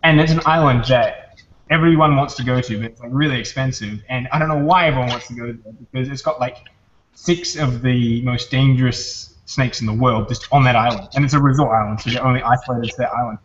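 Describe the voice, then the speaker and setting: A man with a New Zealand accent telling stories in a relaxed way with lots of fillers, in casual chat on a video call. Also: mid-range voice, a little fast. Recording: muffled video-call audio with faint hiss.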